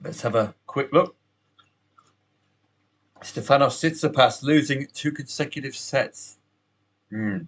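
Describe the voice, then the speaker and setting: Man, podcast host, chatty, upbeat, asides to listener, mid-pitched voice. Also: slow, pauses often. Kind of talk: solo podcast review.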